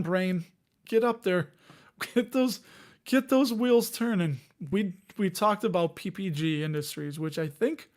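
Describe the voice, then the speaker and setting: A man in his forties speaks with a Chicago accent in a fairly high voice. He rambles and jokes as the host of a casual investing live stream. He answers viewers' comments as he goes. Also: a little mellow. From Chicago area, Illinois. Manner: rambling, jokey, laughs often, reads chat aloud.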